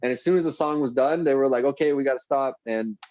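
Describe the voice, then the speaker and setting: A man's voice: mid-range voice, fast talker, no echo, rough recording. A man, a podcast guest telling rambling, profane stories in casual chat. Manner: profane, rambling, animated storyteller.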